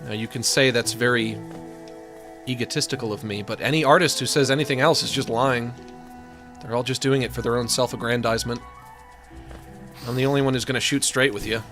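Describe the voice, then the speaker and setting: A man in his thirties streaming a game, talking casually with sardonic, deadpan rants that burst into exasperated complaints. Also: mid-range voice, brisk, long pauses, soft background music. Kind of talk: casual live-stream chat while gaming.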